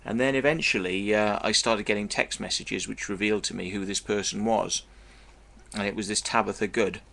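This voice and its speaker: Blunt vlogger, low bright voice, profane meandering storyteller. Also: male voice, fairly even intonation, moderate pace, vocal fry. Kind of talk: casual storytelling monologue.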